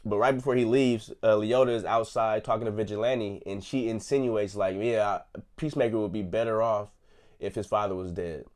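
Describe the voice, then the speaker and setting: Brief: young male reviewer, relaxed and slangy, retells scenes with a laugh, lowish voice. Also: moderate pace. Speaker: host reviewing a TV episode. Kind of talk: casual chat.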